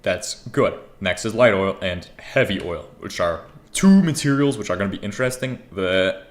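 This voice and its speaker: Deep-voiced and animated, this young man streams a game at a moderate pace, casually muttering to himself. He rambles and swears without restraint, and keyboard typing can be heard behind him.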